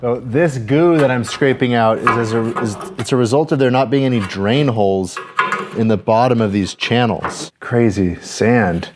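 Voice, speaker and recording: A man in his thirties talks through a hands-on repair job in a casual vlog. His voice sits at an ordinary pitch and he sounds chatty and excitable, thinking out loud as he goes. A faint hiss of noise runs under his voice. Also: normal speed. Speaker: DIY boat restorer and channel host.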